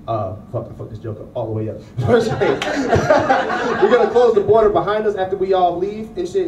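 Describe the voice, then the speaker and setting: A man's voice: fairly high pitch, background noise. A man performing a stand-up comedy set, telling profane stories at a laid-back pace. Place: comedy club stage. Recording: echoey club, distant mic, loud crowd.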